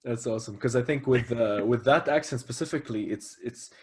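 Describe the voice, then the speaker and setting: Husky, hesitant podcast host. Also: male voice, medium pitch, brisk, a little mellow. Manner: hesitant, many fillers and restarts, encouraging. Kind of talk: casual interview chat. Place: podcast studio.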